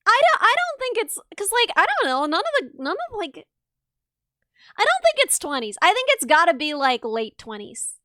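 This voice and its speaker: A woman streamer chatting casually on a livestream, bubbly and excitable, quick to laugh. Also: very high voice, no echo, clean studio sound.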